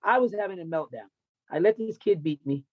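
A man's voice: high-pitched, expressive, brisk, no echo, narrow, tinny audio. A man who coaches wrestling tells a raw personal story in an interview, intense, confessional and full of swearing.

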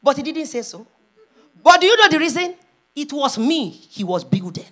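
A pastor's wife preaching a sermon, moving from hushed storytelling to loud, impassioned calls. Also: female voice, sits high, very animated, normal speed.

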